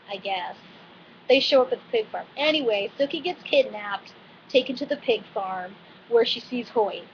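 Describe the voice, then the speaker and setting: A woman with a slightly high voice runs through a TV episode recap in a loose, chatty way, tossing in animated asides and plenty of fillers. The recording sounds a little dull and lo-fi, with a faint hiss underneath. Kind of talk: casual TV recap monologue.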